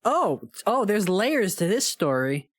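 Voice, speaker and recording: A man's voice: high-pitched, sing-song, slow, no echo. Dry-voiced man co-hosting a podcast. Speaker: podcast co-host. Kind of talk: casual podcast chat.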